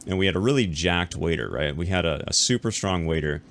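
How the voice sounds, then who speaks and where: A man with a deep voice tells a business story straight to his viewers in a loose, casual way. He talks quickly, with lots of repeats and restarts, and he acts out the other people he is talking about. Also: slight background noise. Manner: animated retelling, acting out the other people in the story; fast and conversational, with repeats and restarts. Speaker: YouTuber telling a business story.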